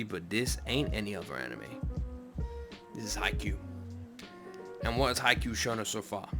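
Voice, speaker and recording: A man hosting an anime reaction, chatting casually, excitable and swearing now and then. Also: medium pitch.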